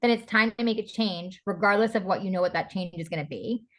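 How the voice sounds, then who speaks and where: A woman's voice: mid-range voice, fast talker. Candid, chatty woman opening up. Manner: open and heartfelt, with frequent fillers like "like" and "you know". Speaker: podcast guest, stylist and breathwork coach. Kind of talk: candid conversational interview.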